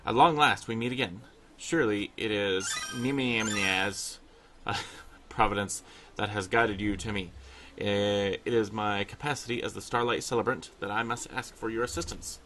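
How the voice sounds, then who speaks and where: Man reading as a stiff, formal festival organizer, low voice, plain delivery, slight stumbles. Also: fairly even intonation, normal speed, bright, forceful tone, slight background noise. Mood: earnest. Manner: reading quest text aloud, stumbling over words.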